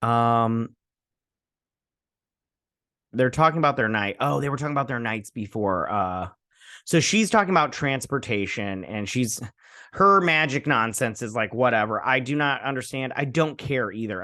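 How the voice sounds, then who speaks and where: A man's voice: mid-range voice, expressive, normal speed, sharp tone, dry recording, clean studio sound. Offhand man rambling through a recap. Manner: rambling, offhand, many fillers and asides. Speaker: host. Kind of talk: casual episode recap and review.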